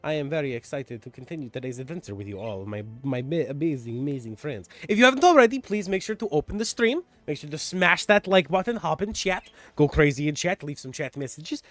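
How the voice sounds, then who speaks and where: Give me an animated dungeon master streamer with a high voice. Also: male voice, no room sound. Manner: animated, rambling, repeats himself. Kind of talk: livestream game mastering and recap.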